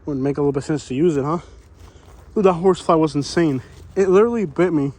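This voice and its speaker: A man's voice: a little high, quick pace, a little mellow. A man out of breath, walking through hot woods and talking in a rambling, folksy way full of "you know," as he vlogs. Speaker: vlogger exploring homeless camps. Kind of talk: casual walking vlog narration. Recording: faint outdoor ambience.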